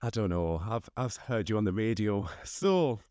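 A man, a doctor co-hosting a podcast, recovering from illness and explaining things in a measured way. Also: on the low side, big pitch swings, dark tone, dry recording, clean studio sound. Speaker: podcast co-host, GP. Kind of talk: casual chat.

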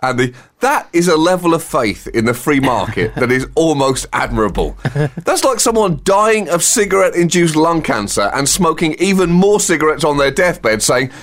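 A man's voice: a little high, sing-song, normal speed, a bit bright. A man co-hosting a satirical comedy podcast, delivering sardonic riffs and chuckling at his own jokes.

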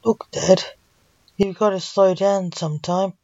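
A woman's voice: medium pitch, fairly even intonation, a little slow, mellow, no echo, lightly acted. A woman reading the lines of a concerned young man, earnest and questioning toward his father, on a dull recording.

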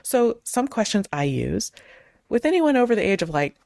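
Lively woman host acting out small talk. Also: medium pitch, moderate pace, gravelly, no echo, clean studio sound. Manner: acts out both sides of sample conversations in lively voices. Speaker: podcast host; clergy. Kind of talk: casual advice talk.

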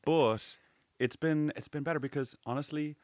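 A man's voice: fairly high pitch, normal speed, darkish tone, dry recording, clean studio sound. A man from Ireland in his thirties, his accent now a blend of Irish and American, co-hosting a podcast and telling stories with lots of laughter and swearing. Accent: mixed Irish and American. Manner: chatty storyteller, laughs often, swears freely. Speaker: podcast co-host. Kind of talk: casual chat.

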